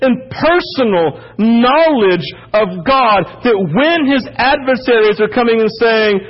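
A man's voice: very high-pitched, animated, slow, few pauses, muffled recording. A male pastor preaching a sermon, reading scripture aloud and explaining it with emphatic rhetorical questions.

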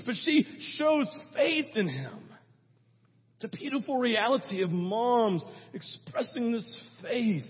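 A man preaching a sermon as pastor, in a conversational, animated way, often checking in with the congregation with a quick rhetorical aside. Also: high voice, slightly rough. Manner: conversational, animated, tags lines with "right?". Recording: dull sermon recording in a reverberant hall.

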